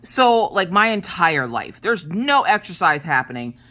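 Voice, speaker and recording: A woman in her thirties chatting casually while she works on a craft project, telling family stories in an animated way. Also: lowish voice, measured pace. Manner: animated storyteller, acts out family quotes. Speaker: crafting vlogger. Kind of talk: casual chat while diamond painting.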